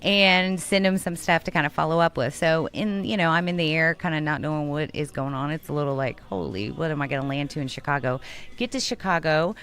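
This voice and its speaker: A Texan woman co-hosting a radio talk show tells a funny travel story in a deep, smooth voice, speaking a little fast. Animated and laughing, she chats casually and performs the voices of the people in her tale.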